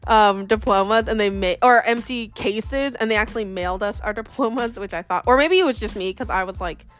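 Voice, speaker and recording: A young woman telling a personal story in a chatty, animated way, acting out the voices of the people she quotes. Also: medium pitch, brisk, soft background music. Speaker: vlogger. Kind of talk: casual storytelling.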